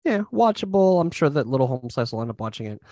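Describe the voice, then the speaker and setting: A male podcast co-host talks casually about movies, his pitch jumping lively up and down. He restarts his sentences often and pads them with fillers. His voice sounds close and dry, with no room around it. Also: fast, dry recording. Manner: rambling, with many restarts and fillers. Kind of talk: casual movie review chat.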